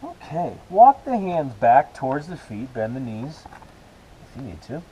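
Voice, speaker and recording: Mellow-voiced man cueing a yoga class. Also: mid-range voice, a little slow, a little hiss or hum, low-quality recording. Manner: relaxed, encouraging cueing with self-aware asides. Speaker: yoga instructor. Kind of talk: guided yoga class cues. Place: outdoors with rain and hummingbirds about.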